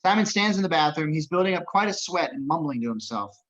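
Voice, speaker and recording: A man reading stage directions as narrator, brisk and matter-of-fact. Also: fairly high pitch, expressive, a bit bright, muffled recording.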